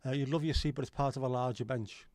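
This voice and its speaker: Middle-aged man hosting a casual stream, mid-pitched, chatty and sweary, dry close sound. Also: steady tone, quick pace, darkish tone, dry recording. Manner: rambling, sweary, reads out chat comments. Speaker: livestream host. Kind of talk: casual livestream chat.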